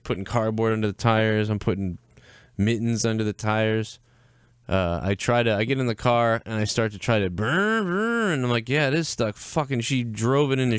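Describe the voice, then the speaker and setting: Rambling, foul-mouthed young man with a smooth voice. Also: lowish voice, no room sound, clean studio sound. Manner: profane, rambling, animated when quoting others. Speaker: podcast co-host. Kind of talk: casual chat, storytelling.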